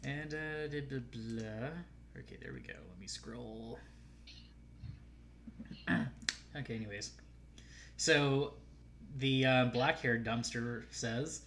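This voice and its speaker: A man co-hosting a casual live-streamed chat, sarcastic and quick to laugh, reading out comments. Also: mid-range voice, a bit bright, a little hiss or hum. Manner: sarcastic, laughs often, reads comments aloud. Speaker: co-host.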